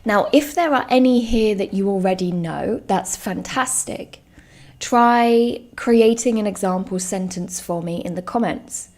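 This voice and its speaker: A woman teaching a live online English lesson, speaking clearly and stressing each example word. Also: medium pitch, darkish tone. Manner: slow, clear and emphatic, stresses example words.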